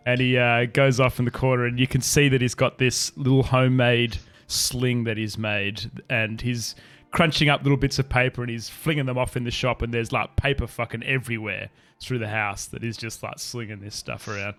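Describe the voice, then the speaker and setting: A man serves as game master for a tabletop game, narrating casually with loose restarts. His mid-range voice is flat and fairly bright, at normal speed, with soft background music.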